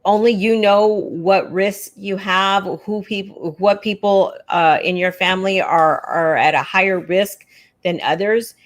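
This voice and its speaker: A woman's voice: medium pitch, fairly even intonation, measured pace. A woman co-hosting an educators' livestream in casual chat, agreeable and talking in loose starts with many fillers.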